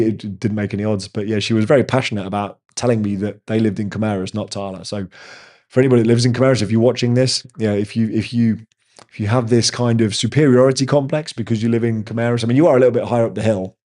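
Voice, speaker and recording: A man's voice: lowish voice, fairly even intonation, fast, mellow. A man, hosting a casual live chat with viewers and telling rambling stories. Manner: rambling, chatty storyteller. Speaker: host answering viewer chat.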